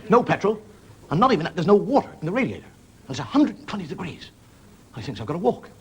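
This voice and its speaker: A man's voice: sits high, big pitch swings, fast talker, background noise. A middle-aged man hosting a television comedy show, telling wandering, dry anecdotes in front of a studio audience. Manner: dry, wandering anecdotes with put-on voices for characters. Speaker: comedian host. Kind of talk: stand-up storytelling monologue.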